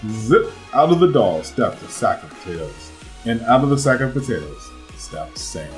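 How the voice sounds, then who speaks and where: A man reading a children's picture book aloud as host, in an expressive, animated storytelling manner. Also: medium pitch, normal speed, soft background music. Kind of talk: children's read-aloud narration.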